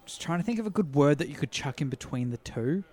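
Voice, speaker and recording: A man's voice: fairly high pitch, lively intonation, quick pace, mellow. A man co-hosting a casual podcast, throwing in dry, teasing wisecracks. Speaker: podcast co-host.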